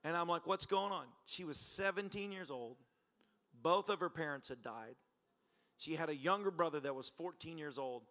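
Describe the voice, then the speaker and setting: Male pastor, high voice, bright tone, lively storytelling sermon. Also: moderate pace. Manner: animated, laughing storyteller who acts out exchanges. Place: church service.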